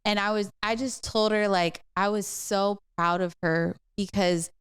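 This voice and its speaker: A woman's voice: medium pitch, steady tone, a little slow, clean tone, dry recording, clean studio sound. A middle-aged woman, a pastor co-hosting a podcast, telling a personal story in casual chat with many fillers and restarts. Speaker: co-host pastor.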